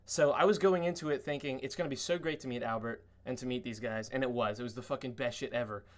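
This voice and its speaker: A man talking on a podcast with an average pitch, telling stories of meeting friends with lively excitement. He swears a lot and jumps far up in pitch when acting out what people said. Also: fast. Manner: excited storytelling, lots of cursing and fillers; acts out quotes in a much higher voice. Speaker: podcast guest. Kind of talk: casual podcast chat.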